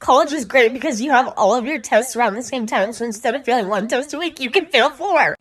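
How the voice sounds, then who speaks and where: A woman reading funny tweets aloud to camera in a playful way, jumping up in pitch for punchlines. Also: expressive, fast. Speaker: tiktok creator reading tweets.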